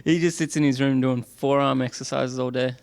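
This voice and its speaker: A man's voice: medium pitch, steady tone, brisk, vocal fry. A man, a player, explaining plans in a casual, matter-of-fact way.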